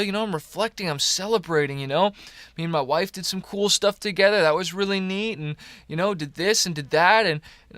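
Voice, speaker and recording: A man's voice: sits high, a little fast, pushed and bright, no room sound. A man in his thirties from Canada, hosting a motivational podcast in a rambling, encouraging way, tired early in the morning. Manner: upbeat, rambling, encouraging, with many fillers. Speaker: podcast host. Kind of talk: casual motivational podcast talk.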